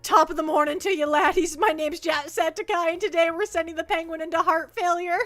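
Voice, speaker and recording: A cheery lad gamer bursting in with a brash, upbeat hello, as a woman puts him on. The put-on lilt sits in a high, bright voice with faint music behind. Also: steady tone, brisk. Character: cheery Irish male gamer greeting his fans.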